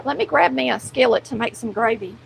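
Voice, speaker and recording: High, gravelly Southern woman cooking. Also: animated, a little fast, very noisy. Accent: Southern US, country. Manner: folksy and chatty, talks straight to viewers while cooking. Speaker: cooking show host. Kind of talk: casual cooking chat to viewers. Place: home kitchen.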